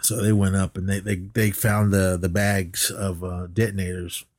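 A low-pitched man talks through a movie recap, rambling and restarting his sentences with plenty of fillers. He coughs every so often. His voice sits close and dry on the mic, with no room sound. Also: little pitch movement, moderate pace, no echo. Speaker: podcast co-host. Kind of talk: casual movie recap chat.

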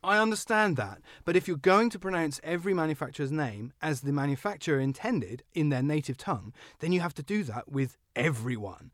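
A man hosting a car podcast, joking and animated as he talks. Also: on the high side, dry recording, clean studio sound. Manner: animated, joking, quick-talking. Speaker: podcast host. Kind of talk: casual car podcast chat.

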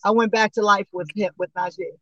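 A woman in her sixties, a singer and interview guest, telling stories in a lively way with laughs and restarts over a remote call. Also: medium pitch, a little fast, no echo, dull audio. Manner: animated storyteller with frequent laughs and restarts. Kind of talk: casual interview storytelling.

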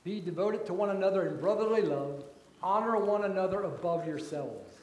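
A man preaching a sermon as pastor, slow and deliberate, his voice rising for emphasis and then dropping soft. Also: high voice, expressive, reverberant.

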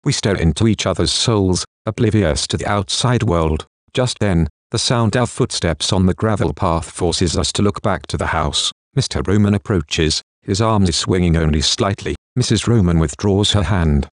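A man narrating a first-person audiobook in an even, steady reading. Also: sits low, moderate pace, few pauses, no room sound, studio quality.

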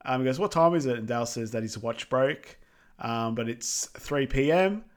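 A man in casual conversation, walking through a film scene by scene for a podcast. He keeps it loose and chatty and drops into quick quoted voices for the characters' lines. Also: mid-range voice, animated. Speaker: podcast co-host. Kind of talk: casual film recap chat.

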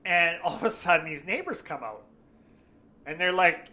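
A man with a bright, slightly raised voice tells a story in casual chat. He swears constantly and acts out what people said. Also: a little high, moderate pace, long pauses. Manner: swears constantly, animated retelling with acted quotes.

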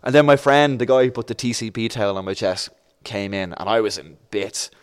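Fairly quick and clean in tone, this lowish male voice belongs to a young Dubliner guesting on a chat show. His casual storytelling is lively, with the voices in his long anecdote acted out.

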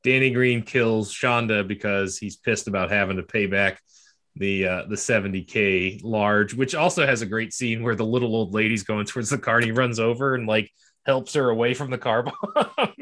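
A man co-hosting a casual movie podcast, recapping the plot in quick bursts and laughing often. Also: on the low side, steady tone, a bit bright. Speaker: podcast co-host.

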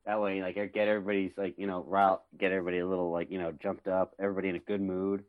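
A man's voice: deep voice, flat delivery, racing, no room sound, narrow, tinny audio. A man co-hosting a podcast in a casual chat, laid-back and crude, laughing easily. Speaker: podcast co-host.

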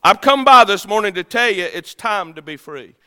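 A male pastor delivers a sermon in a church, his voice high and bright. He swings between loud, ringing declarations and hushed, low phrases. The sound carries a long reverb from the large sanctuary. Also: lively intonation, normal speed, clean tone. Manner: preaching with dramatic swings in pitch and loudness.

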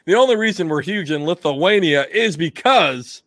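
A man's voice: a little high, animated, fairly bright tone, no echo. A man hosting a podcast, teasing his guest, swearing freely and laughing as he asks questions. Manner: quick-witted, teasing interviewer who swears and laughs often. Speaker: podcast host. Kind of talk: profane casual banter.

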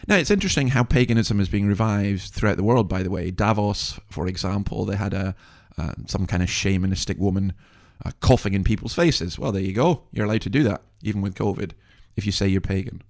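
Gravelly man in his sixties. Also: lowish voice, a little fast, few pauses, darkish tone. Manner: indignant, wry, rambling with asides. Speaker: podcast host. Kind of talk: opinionated commentary monologue.

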